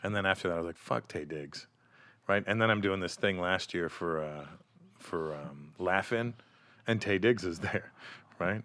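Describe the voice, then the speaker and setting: A man telling funny anecdotes in a casual podcast chat, animated and often dropping into a hushed voice. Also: low-pitched, moderate pace. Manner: animated storyteller, drops to hushed tones for anecdotes. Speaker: comedian.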